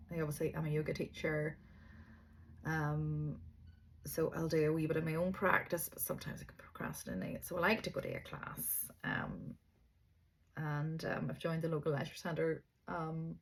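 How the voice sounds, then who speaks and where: Gravelly low-voiced middle-aged woman. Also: a little hiss or hum. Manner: chatty, rambling, encouraging. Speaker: yoga teacher and energy reader. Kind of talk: casual spiritual monologue.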